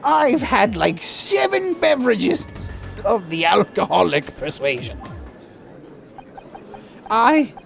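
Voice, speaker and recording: A man's voice: high-pitched, very animated, slow pace, vocal fry, long pauses, music in the background, heavily acted. A man voicing a drunk, flustered middle-aged male TV host who stammers and rambles. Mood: drunken. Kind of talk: voicing a game character.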